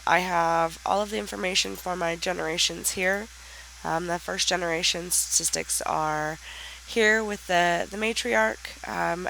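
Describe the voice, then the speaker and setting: Woman, let's play host, sick with a raspy nasal voice, gravelly, bright tone, hesitant casual commentary. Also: lowish voice, slight background noise, rough recording. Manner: hesitant, chatty explaining. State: raspy and nasal from a sinus infection.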